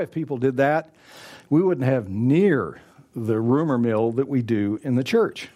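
This pastor's voice is medium in pitch and warm. Preaching a sermon, he repeats his points for emphasis and performs the dialogue people might have with each other.

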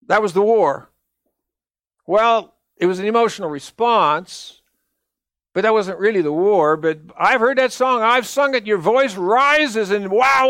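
Older guy preaching a sermon, higher voice, earnest and emphatic, dry sound. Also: fairly bright tone, smooth, dry recording. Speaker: minister.

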